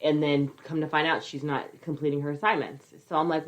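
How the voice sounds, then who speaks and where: A woman's voice: low voice, level tone, brisk. A woman co-hosting a podcast, a parent of a school-age child, talking in a blunt, exasperated, casual way. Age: adult with a school-age child. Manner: blunt, exasperated, swears freely. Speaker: podcast co-host. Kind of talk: casual chat.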